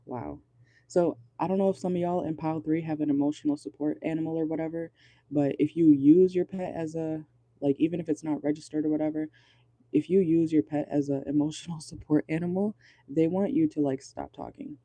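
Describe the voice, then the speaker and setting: Man, tarot reader, chatty and amused, mellow dark tone, dry close sound, casual reading in a car. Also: fairly high pitch, steady tone, a little fast, no echo. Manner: chatty and amused, laughs often. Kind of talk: casual pick-a-card reading.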